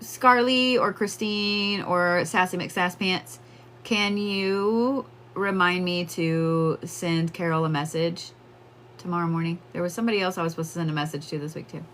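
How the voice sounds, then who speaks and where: Bright-voiced chatty woman doing livestream readings. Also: fairly low pitch, moderate pace, a little hiss or hum. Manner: chatty, talks to chat, laughs often. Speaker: livestream psychic reader.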